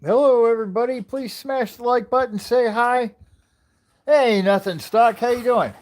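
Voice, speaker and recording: A man's voice: extremely high pitch, normal speed. A man chatting casually on a home livestream, rambling and friendly with many uhs. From United States. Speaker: livestream host. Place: living room at home.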